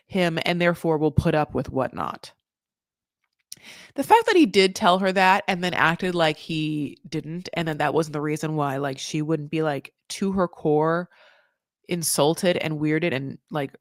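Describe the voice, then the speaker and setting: Animated sarcastic woman, dry close mic. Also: sits low, no echo. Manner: animated, sarcastic, swings between loud outbursts and muttered asides. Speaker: podcast host. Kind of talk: casual recap commentary.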